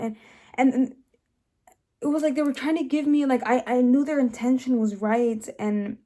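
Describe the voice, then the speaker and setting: A young woman sharing a personal testimony, speaking emotionally with many restarts and fillers, dropping soft and rising louder. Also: steady tone, brisk. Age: young adult. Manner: swings between soft low passages and louder rises. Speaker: host.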